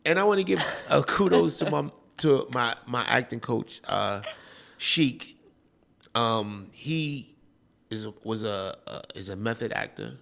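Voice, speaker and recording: A man hosts a relaxed interview. His voice is gravelly and rough at the edges. He rambles through his stories and keeps dropping "you know.". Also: medium pitch, unhurried. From Queens, New York. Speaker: host. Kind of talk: casual interview chat.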